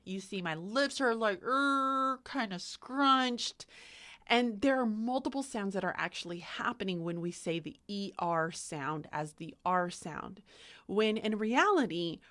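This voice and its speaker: A young adult woman with a mid-range, somewhat bright voice teaches phonics to the camera as a literacy teacher. She speaks carefully, sounding out letters as she demonstrates.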